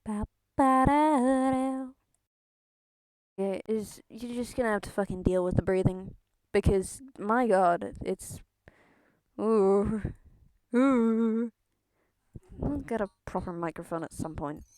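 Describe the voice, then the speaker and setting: Her mid-range, slightly mellow voice comes unhurried as she streams a video game, talking casually, exasperated, swearing often, and mocking herself. A close headset mic by her face picks up her breathing, and the recording is dry.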